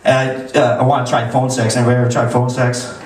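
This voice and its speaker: A man's voice: medium pitch, level tone, fast talker, distant mic, noisy background. Crude rambling stand-up comic man. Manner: crude, rambling delivery with restarts. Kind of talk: stand-up set. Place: comedy club stage. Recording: echoey club recorded from afar.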